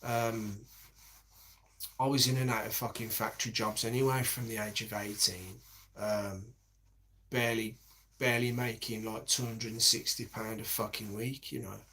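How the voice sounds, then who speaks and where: A man's voice: fairly low pitch, level tone, moderate pace, pushed and bright. Sweary, rambling man. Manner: heavy swearing, rambling with many restarts. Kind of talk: casual rambling monologue.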